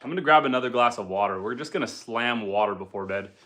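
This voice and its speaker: A man's voice: mid-range voice, animated, quick pace, fairly bright tone. A man hosting a homestead livestream from home by the fire, chatting easygoingly and reading out viewer comments. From Canada. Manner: easygoing, chatty, with frequent ums and uhs. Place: indoors at home by a wood stove fire.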